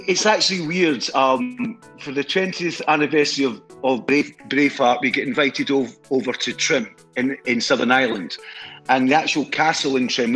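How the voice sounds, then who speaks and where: A man's voice: medium pitch, a bit bright, poor audio. A man with a Scottish accent, an enthusiastic guest telling stories in a casual chat, laughing as he goes. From Scotland. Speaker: guest, history society head.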